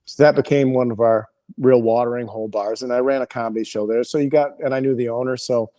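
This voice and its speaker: A male comedian, a podcast guest, telling an animated, rambling and profane story with lots of restarts. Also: medium pitch, quick pace.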